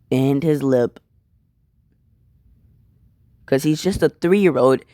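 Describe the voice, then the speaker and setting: Casual young male storyteller, unhurried, filler-heavy, dry recording. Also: mid-range voice, a little mellow, no echo. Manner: rambling, filler-heavy, apologetic asides. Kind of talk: casual spoken fan-fiction retelling.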